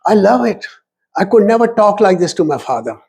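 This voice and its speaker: A middle-aged man giving a lively storytelling talk, slipping phrases into his English. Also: high-pitched, a little fast, vocal fry. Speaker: speaker at a community talk.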